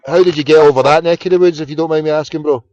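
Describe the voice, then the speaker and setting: A Glaswegian man hosts a casual late-night phone-in from home, chatting with callers and fiddling with his computer between calls. His voice is a little high with fairly even intonation and very fast delivery, a crowd audible behind him, on a dull, lo-fi broadcast.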